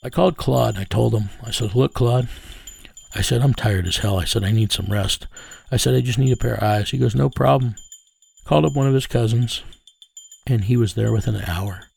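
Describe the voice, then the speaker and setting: A man's voice: medium pitch, fairly quick, creaky, a little mellow, breathy edge. A middle-aged man, telling a first-person story in a plain, conversational way and acting out the dialogue. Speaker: private investigator.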